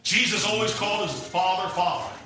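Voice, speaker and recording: A middle-aged man preaching a sermon as pastor, impassioned and rising to shouts, recorded in a church sanctuary. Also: high voice, animated, fairly quick. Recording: echoey church hall from far off.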